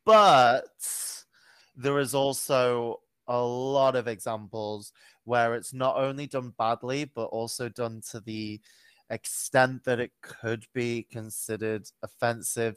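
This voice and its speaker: A man's voice: medium pitch, steady tone, slow pace, clear, resonant tone, no room sound. A man co-hosting a podcast, chatting casually, swearing freely and often correcting himself with lots of ums. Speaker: podcast co-host. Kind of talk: casual chat.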